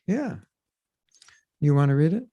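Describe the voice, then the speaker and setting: A man hosting a podcast, teaching scripture in a casual, animated way and acting out quoted voices. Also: fairly high pitch, measured pace, no room sound, muffled recording.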